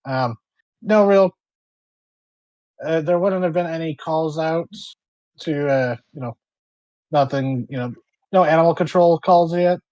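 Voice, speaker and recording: A man's voice: on the high side, a little slow, long pauses, darkish tone, no room sound, dull audio. A man working as game master and narrating a tabletop role-play game, rambling with fillers and restarts.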